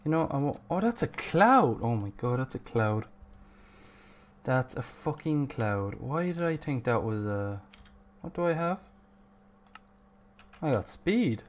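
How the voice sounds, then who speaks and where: A man's voice: medium pitch, very animated, unhurried, pauses often. A man streaming a video game live, chatty and self-mocking, and swearing at the game now and then. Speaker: gaming streamer. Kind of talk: live gameplay commentary.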